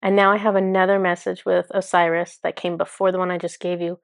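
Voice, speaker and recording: A woman's voice: lowish voice, level tone, fast, vocal fry, no room sound, studio quality. A woman speaking as a spiritual channeler in a casual, enthusiastic monologue full of fillers. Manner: chatty, filler-heavy, enthusiastic.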